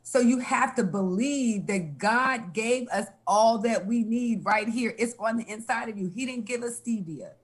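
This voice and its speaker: A woman with a somewhat high voice gives health advice in a casual chat. She speaks frankly and with emphasis, and laughs now and then. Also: measured pace, hardly any pauses, breathy edge. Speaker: health guest.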